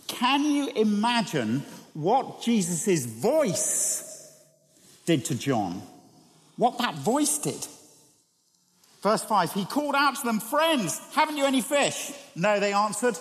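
A man preaching a sermon, animated and conversational, drawing listeners in with rhetorical questions. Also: high voice. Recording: long hall reverb.

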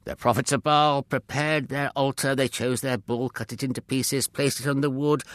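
A man narrating a children's Bible story with expressive storytelling. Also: mid-range voice, moderate pace, few pauses.

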